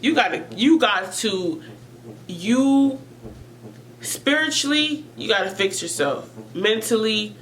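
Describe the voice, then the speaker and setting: This woman vlogger speaks slowly in a highish, slightly bright voice with lively intonation, sharing her feelings about mental health with viewers. Earnest and emotional, she keeps repeating herself while searching for words, all captured on a rough recording.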